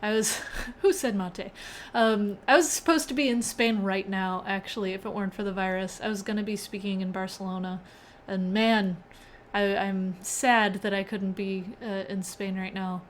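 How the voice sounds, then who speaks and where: Woman, young, casual streamer chat, mid pitch, laughs a lot, faint background hum. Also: steady tone, normal speed, hardly any pauses. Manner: chatty, reads chat aloud, laughs often. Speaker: live-stream host.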